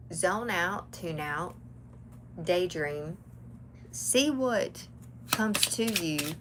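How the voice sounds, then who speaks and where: A woman's voice: sits low, vocal fry, very noisy. A woman telling a chatty story to her live viewers during a tarot reading. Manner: chatty, animated, talks to live chat. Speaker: tarot reader.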